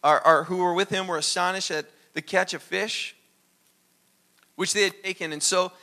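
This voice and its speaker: A man preaching a sermon as pastor, animated and acting out little dialogues. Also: high voice, moderate pace.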